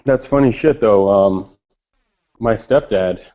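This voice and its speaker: A man's voice: on the low side, takes it slowly, dark tone. A man from New York rambling in a casual voice chat, profane and full of "like". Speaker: chat participant. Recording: lo-fi voice chat audio.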